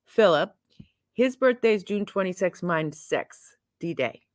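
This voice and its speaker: Woman, brisk teasing tone, reads out viewer questions, dry close-up sound. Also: lowish voice, lively intonation, no echo. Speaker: co-host. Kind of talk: casual live-stream chat. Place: home in Sicily.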